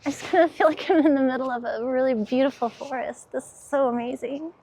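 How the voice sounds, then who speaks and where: A woman's voice: sits high, steady tone, fairly quick, a little mellow, slight background noise. A woman vlogging her walk through an outdoor garden center, gushing with enthusiasm and laughing easily, recorded on a handheld camera. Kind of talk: casual walk-through vlog.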